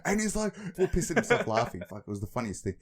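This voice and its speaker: A man's voice: a little high, fast talker, over a noisy crowd. A young man in casual chat, telling stories with swearing and acted-out quotes. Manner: animated, swearing, acts out quoted voices.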